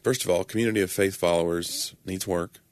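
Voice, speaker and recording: Fast, wry male comedian, teasing casual banter, low-pitched. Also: fairly even intonation, no echo. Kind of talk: casual chat.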